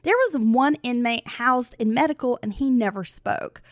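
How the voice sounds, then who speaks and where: A woman with a fairly high voice co-hosts a casual podcast, reading listener stories and teasing her partner with frequent laughs. Her voice is recorded close and dry, with no room sound. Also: moderate pace, no room sound. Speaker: podcast co-host.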